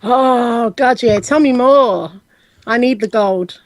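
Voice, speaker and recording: A woman's voice: on the high side, takes it slowly, dry recording. A woman playing a tabletop role-playing game on a video call, speaking playfully and trying on a Southern drawl. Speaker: player.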